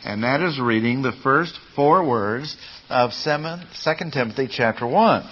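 A man's voice: mid-range voice, lively intonation, a little slow, fairly bright tone, highs cut off. A man teaching a class on Bible Greek, explaining patiently step by step and putting questions to his listeners. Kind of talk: classroom lecture.

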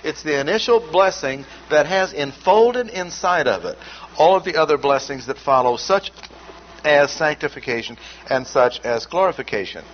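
Man teaching scripture in measured, emphatic tones. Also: on the high side, expressive. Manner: measured, emphatic, repeats key words. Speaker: Bible teacher. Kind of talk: expository Bible teaching. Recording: dull lo-fi recording with faint noise.

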